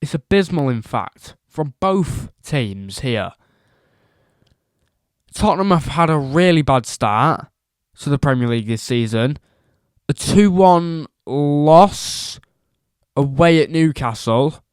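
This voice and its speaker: A man's voice: fairly high pitch, lively intonation, slow, smooth, no room sound, clean studio sound. A man giving a casual football opinion rant as a vlogger, emphatic and repetitive, firing off rhetorical questions.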